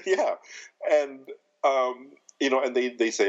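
A man in his fifties co-hosting a podcast, talking in a thoughtful, halting way with many restarts. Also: medium pitch, dull audio. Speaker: podcast co-host. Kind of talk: casual chat.

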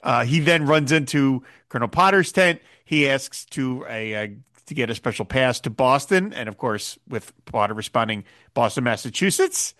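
A man hosting a podcast discussion, animated, laughing often and acting out quoted lines. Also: medium pitch, moderate pace. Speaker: podcast host.

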